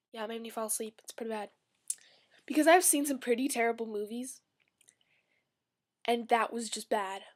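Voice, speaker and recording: A woman's voice: fairly high pitch, normal speed, long pauses. A woman giving a casual, rambling movie review vlog with a sarcastic, chatty manner.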